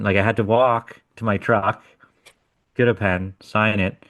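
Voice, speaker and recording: A man with a very low voice tells a story in casual podcast chat. He swears freely and talks bluntly. The recording is dry and close. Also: steady tone, normal speed, fairly bright tone, no echo. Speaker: podcast co-host.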